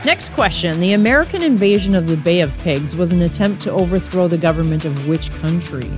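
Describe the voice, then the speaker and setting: A woman's voice: fairly low pitch, lively intonation, brisk, music in the background. A woman hosting a casual quiz podcast, chatting straight to the listener. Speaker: podcast host.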